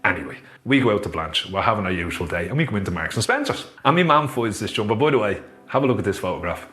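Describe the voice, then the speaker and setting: A man with a Dublin Irish accent telling a personal story to viewers in a chatty, animated vlog. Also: lowish voice, fast talker. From Ireland. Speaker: author and motivational storyteller.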